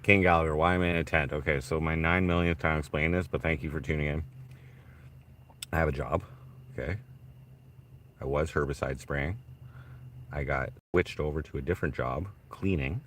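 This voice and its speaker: A man's voice: rumbling low, steady tone, moderate pace, pauses often, a bit bright, a little hiss or hum. A man streaming casually from a tent, mumbling, swearing and talking to himself as he reads out chat. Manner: mumbling, swearing, talks to himself while searching.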